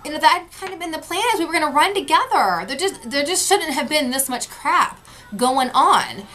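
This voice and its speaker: A woman's voice: high voice, lively intonation, normal speed, bright, forceful tone. A woman vlogger recapping an event in casual talk, frustrated and retelling what people said. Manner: frustrated, retelling with quoted voices.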